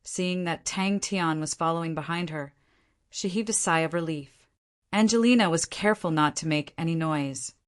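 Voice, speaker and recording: Woman narrator with a lowish voice, reads an audiobook evenly and steadily. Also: normal speed. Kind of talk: scripted narration.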